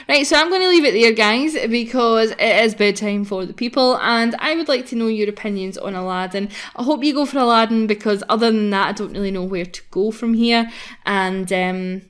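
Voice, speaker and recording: A woman's voice: fairly high pitch, brisk, fairly bright tone, clear, resonant tone. Giggly, chatty young woman gamer. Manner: chatty and giggly, talks to viewers. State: tired, recording early in the morning. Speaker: gaming channel host. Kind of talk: casual gameplay commentary.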